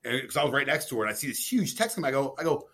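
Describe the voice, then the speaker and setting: Excitable rambling male storyteller. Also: medium pitch, rapid-fire, husky. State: jet-lagged. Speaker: cookbook author guest. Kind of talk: casual podcast interview.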